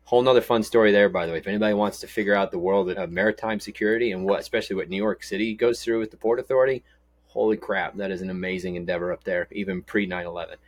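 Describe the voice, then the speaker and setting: A middle-aged man from Texas with a very low, deep voice, chatting loosely on a podcast. He rambles through stories with a joking, easygoing manner, and his voice sounds close and dry with no room echo. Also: fairly even intonation, racing. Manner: rambling, storytelling, jokey. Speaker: podcast co-host. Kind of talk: casual podcast chat.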